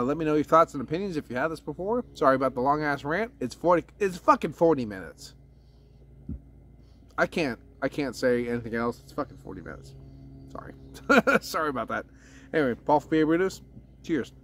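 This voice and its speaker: A man's voice: medium pitch, a bit bright, a little hiss or hum. A man reviewing a beer in a casual vlog, rambling and swearing freely while correcting himself. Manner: rambling, profane, self-correcting.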